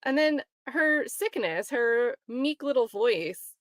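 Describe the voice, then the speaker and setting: A woman hosting a casual livestream, commenting on a trial and reading viewer chat, chatty and quick to laugh. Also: fairly high pitch, lively intonation, dry recording, studio quality. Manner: chatty, laughs often, mocks quoted voices.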